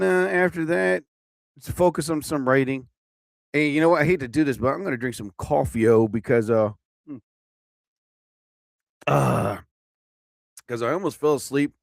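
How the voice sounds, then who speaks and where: A man's voice: medium pitch, vocal fry, dry recording, clean studio sound. A young man hosting a casual live-stream show, rambling and joking, swearing often as he fumbles with his sound effects. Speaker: host.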